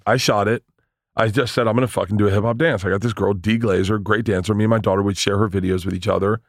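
A man in his forties, a comedian, telling stories in a casual interview, animated and swearing, acting out the voices of people he quotes. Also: fairly low pitch, fast talker, no room sound, clean studio sound. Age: 40s. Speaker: comedian guest.

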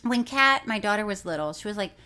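A woman from Florida co-hosting a podcast, an animated storyteller who laughs often in casual chat. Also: medium pitch, fast talker, smooth. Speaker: podcast co-host.

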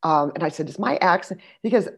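A middle-aged woman telling stories in a casual conversation, animated, acting out the people she quotes and dropping into soft asides. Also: lowish voice, fast, vocal fry, breathy edge. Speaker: podcast guest, actress.

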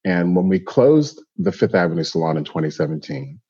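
A man's voice: low voice, fairly quick, husky, highs cut off. A man who owns hair salons, answering interview questions and telling stories animatedly. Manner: animated storyteller, acts out quoted voices. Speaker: hairstylist and salon owner.

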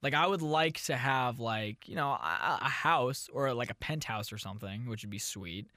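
A man hosting a casual advice podcast, telling absurd stories in a rambling, deadpan way. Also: mid-range voice, normal speed, dry recording, clean studio sound. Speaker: podcast host.

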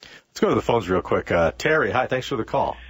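A talk radio host with a sarcastic edge, his pitch swinging widely as he argues a point. His voice is a little husky and sits close and dry in the studio mic. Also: a little fast, dry recording. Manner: sarcastic, animated.

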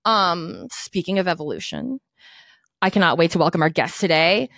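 A woman's voice: lowish voice, big pitch swings, moderate pace, gravelly, a bit bright, dry recording. Woman comedian podcast host, rambly and self-deprecating, dry close mic. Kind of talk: casual podcast chat.

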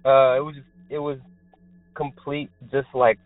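Excitable young man on a tinny phone line. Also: medium pitch, unhurried, no room sound. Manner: excited, rambling, heavy use of filler words. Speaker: caller telling a paranormal experience. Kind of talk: casual storytelling. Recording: tinny phone line, dry, faint music.

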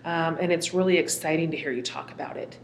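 Lady podcast host, lowish voice, gushing and chatty. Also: fairly even intonation, slight background noise. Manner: warm, effusive, quick asides. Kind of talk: podcast interview and host-read ad.

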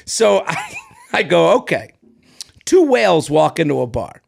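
A man's voice: fairly high pitch, unhurried, vocal fry, husky. A man co-hosting a podcast in casual chat, telling stories with lots of energy, acting out other people's voices, swearing freely and laughing often. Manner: animated storyteller who acts out other people's voices. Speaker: podcast co-host.

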